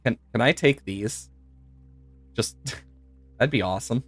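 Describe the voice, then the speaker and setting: A man's voice: mid-range voice, a little slow, a bit bright, no echo, faint music behind. A man streaming a puzzle game live, chatting to viewers, laughing often and swearing now and then. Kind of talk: live gameplay commentary.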